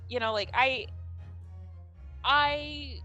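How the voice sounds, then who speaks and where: A woman's voice: high voice, drawn-out words, pushed and bright, lo-fi sound, soft background music. Rambling woman hosting a stream chat. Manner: rambling, many restarts and fillers, laughs easily. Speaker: stream host reading would-you-rather cards. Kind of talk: casual group chat on a livestream.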